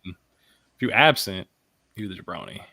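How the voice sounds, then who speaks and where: A man with a lowish voice co-hosting a sports podcast, hesitant and full of fillers. His voice sounds dry and close, with no room around it. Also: expressive, normal speed, creaky, bright, forceful tone, slightly rough, no room sound. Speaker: podcast co-host. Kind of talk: casual sports podcast chat.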